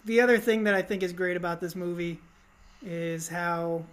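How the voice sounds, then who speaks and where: A woman co-hosting a casual film podcast, giggly and quick to slip into silly movie-quote voices. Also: fairly low pitch. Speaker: podcast co-host.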